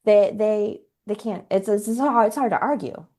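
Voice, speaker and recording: A woman's voice: mid-range voice, normal speed, mellow. A woman in her forties, a parenting coach on a podcast, telling stories animatedly and acting out quoted dialogue. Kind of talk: podcast interview storytelling.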